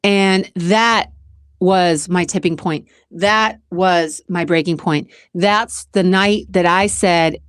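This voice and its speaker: A woman's voice: lowish voice, slow, smooth, dry recording, clean studio sound. A middle-aged woman hosting a self-help channel, telling a personal story in a candid, emotional way, often repeating herself and talking straight to her viewers.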